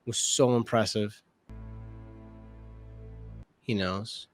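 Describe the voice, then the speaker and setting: A man's voice: fairly low pitch, fairly even intonation, drawn-out words. Man, casual reaction commentary, emotional, heavy swearing, faint music behind. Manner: emotional, swears a lot, thinks aloud. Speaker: reaction video co-host.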